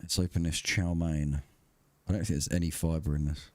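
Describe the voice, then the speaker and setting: A man's voice: a bass voice, flat delivery, moderate pace, a little mellow, no room sound. A man streaming a survival game live and chatting casually with his viewers in swearing banter. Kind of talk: casual livestream chat.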